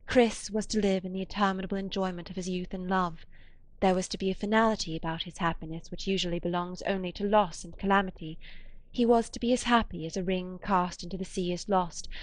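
A woman narrating a literary audiobook in a measured, quiet and deliberate way. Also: medium pitch, no room sound.

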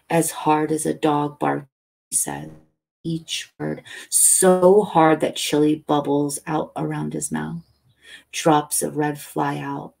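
A woman reading a novel aloud as a bedtime story, soft and unhurried. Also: deep voice, creaky, slightly rough, rough recording. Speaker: audiobook reader.

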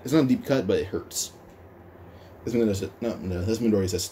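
A man narrates a fan story in a casual, fast, stumbling way, often restarting his phrases. His voice sits low-ish with a mellow, dark tone. There is faint noise behind.

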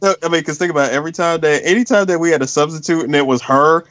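A man's voice: fairly high pitch, very fast, fairly bright tone, no echo, muffled recording. A man co-hosting a casual podcast, cutting in insistently to make his point. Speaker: podcast co-host. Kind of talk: casual chat.

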